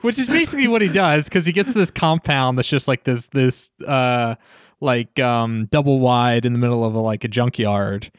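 A man co-hosting a casual podcast, retelling a film's plot in a rambling, animated way with lots of fillers. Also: medium pitch, moderate pace, clean tone, dry recording, clean studio sound. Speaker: podcast co-host. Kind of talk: casual film discussion.

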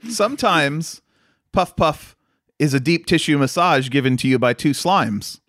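On the high side and expressive, this man takes his time, pausing often, with a slightly bright tone. He co-hosts a podcast, laughing a lot while telling rambling stories in casual talk. The studio sound is clean and echo-free.

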